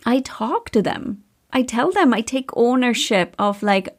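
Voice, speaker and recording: A woman's voice: fairly high pitch, animated, measured pace. A woman in her thirties hosting a podcast, talking candidly and casually with a storyteller's chatty flow. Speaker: podcast host and coach.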